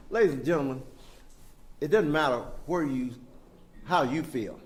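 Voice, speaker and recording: A man's voice: fairly high pitch, normal speed, long pauses, slight background noise. An older man giving an impassioned, preacher-like speech to an audience. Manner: preacher-like call and response. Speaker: keynote speaker. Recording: echoey hall.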